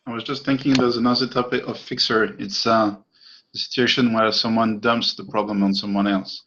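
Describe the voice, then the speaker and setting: A man's voice: on the low side, little pitch movement, brisk, pushed and bright, highs cut off. A man attending a webinar, thinking aloud with a hesitant comment. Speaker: webinar participant. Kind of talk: casual remark.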